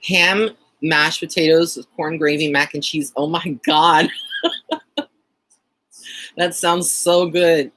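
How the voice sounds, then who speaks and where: A man's voice: on the high side, fairly even intonation, takes it slowly, long pauses, pushed and bright. Chatty Texan man on a livestream. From Texas. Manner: chatty and rambling, frequent fillers and light laughter. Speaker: psychic medium hosting a live chat. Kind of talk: casual live-stream chat.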